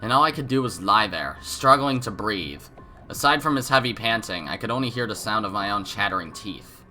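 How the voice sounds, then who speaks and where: A man's voice: fairly low pitch, animated, fairly quick, sharp tone, soft background music. A man with a cold, hosting a let's play, reading game narration aloud with casual joking asides. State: has a cold.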